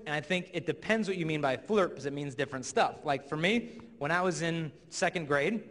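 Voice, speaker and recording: A man's voice: on the high side, a little fast. A young man giving a comedic talk to a live audience in a large hall, acting out characters as he tells his stories. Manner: playful storyteller who acts out characters. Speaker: youth speaker. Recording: reverberant hall.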